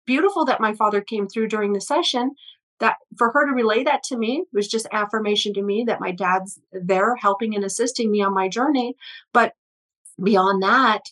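A middle-aged woman speaking as a guest healer in an interview, earnest and storytelling, with a steady middle pitch. She often restarts with repeated words as she warms into each anecdote. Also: low-quality recording. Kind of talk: conversational interview.

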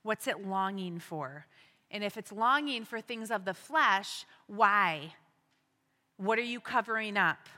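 A woman's voice: medium pitch, animated, slow, bright, forceful tone, big-room sound. A woman teaching at a women's ministry meeting, earnest and exhorting, full of rhetorical questions. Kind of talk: church teaching talk.

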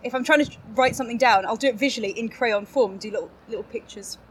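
A woman's voice: on the high side, fast, fairly bright tone. Upbeat woman guest, laughs a lot, light faint noise on the track. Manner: bubbly, laughs often, self-mocking. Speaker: podcast guest. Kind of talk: casual interview chat.

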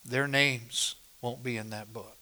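A man's voice: mid-range voice, steady tone, slow pace, bright, forceful tone. A male pastor preaching a sermon at a church service, emphatic and driving home points by repeating phrases.

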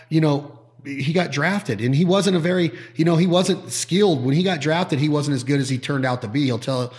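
A man hosting a podcast, talking casually and acting out quoted people as he tells stories. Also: medium pitch. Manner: animated storyteller who acts out quoted voices. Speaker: podcast host. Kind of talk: casual chat.

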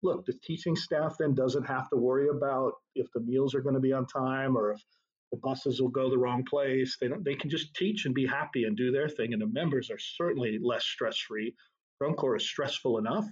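Middle-aged man, husky voice, easygoing storyteller, dull lo-fi sound. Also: medium pitch, normal speed. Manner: relaxed anecdotal, laughs at own stories. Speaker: drum corps tour director. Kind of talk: conversational interview storytelling.

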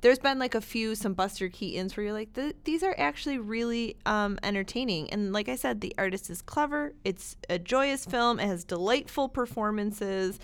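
A woman's voice: medium pitch, normal speed, hardly any pauses, clean tone. A woman co-hosting a library podcast, recommending books in an enthusiastic, chatty way with many fillers. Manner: enthusiastic, chatty, laughs easily. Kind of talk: casual podcast chat.

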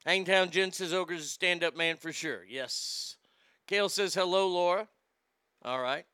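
A man hosting a casual morning live stream, reading out chat messages with loud, animated swearing. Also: sits high, unhurried, clear, resonant tone, dry recording, clean studio sound.

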